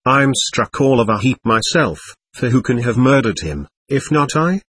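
A man reading an agitated, proud young man who pleads and protests with passion. The voice is husky and swings widely in pitch, heard close and dry as in an audiobook. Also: big pitch swings, normal speed, fairly bright tone, no echo. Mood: impassioned. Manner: impassioned, pleading, emphatic.

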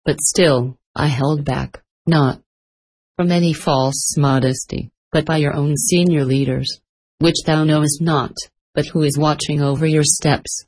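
A woman reading the lines of a gentle, remorseful old man begging forgiveness, in a storybook telling. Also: low voice, steady tone, a little slow, breathy edge, poor audio. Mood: pleading.

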